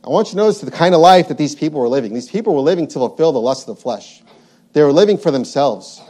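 A man's voice: a little high, lively intonation, quick pace, mellow. A man preaching a sermon, reading scripture aloud and repeating his points with emphasis.

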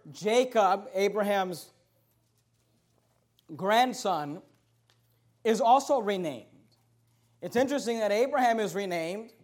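A man preaching a sermon, reading scripture aloud and stressing key words by slowing down. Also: high voice. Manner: emphatic, repetitive preaching, slows to stress words.

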